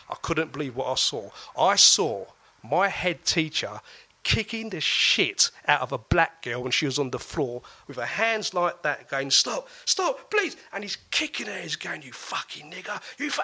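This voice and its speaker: An East London man with a bright, clear tone and a lively voice that climbs and drops a lot. He tells stories in a casual chat and slips into voices for the people in them. He sounds like he is in his forties. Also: fairly high pitch. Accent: London English. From East London, England.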